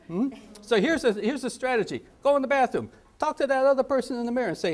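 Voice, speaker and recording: A man's voice: very high voice, fast talker. A middle-aged man teaching a parenting training session, joking and acting out little scenes as he goes. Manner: animated, jokey, acts out little scenes and sound effects. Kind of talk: lively training lecture.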